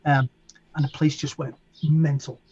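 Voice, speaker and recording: A middle-aged man from England with a Liverpool accent, a DJ telling animated stories as an interview guest and acting out voices and sounds. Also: fairly high pitch, measured pace, slightly rough, dull audio. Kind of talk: casual storytelling.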